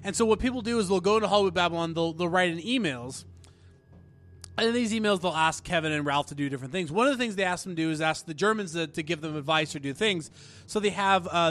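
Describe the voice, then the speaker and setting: A man on a podcast chatting casually, giving short reactions and explaining background quickly. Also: fairly high pitch, a bit bright. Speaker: podcast co-host. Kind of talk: casual chat.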